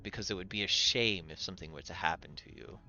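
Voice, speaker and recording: A man voicing a scheming lord who makes slow, veiled threats. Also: low voice, sharp tone, highs cut off, heavily acted. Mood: menacing. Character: menacing, scheming male lord.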